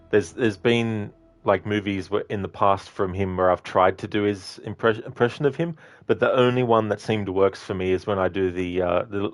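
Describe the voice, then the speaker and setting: Male streamer, very low voice, rambling friendly chat with viewers. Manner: chatty, thanks viewers by name, rambling asides. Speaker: game streamer. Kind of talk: casual livestream chat.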